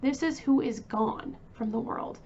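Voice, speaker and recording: True crime host: woman, chatty and emotional, fairly high voice, dull lo-fi sound. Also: unhurried, dark tone, a little hiss or hum. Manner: chatty, emotional, many fillers and restarts.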